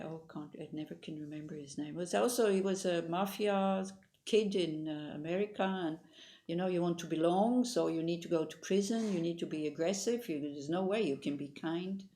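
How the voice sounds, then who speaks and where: Woman meditation teacher, lowish gravelly voice, rambling storytelling. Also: mellow. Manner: informal, meandering, with frequent restarts. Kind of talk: dharma talk with storytelling.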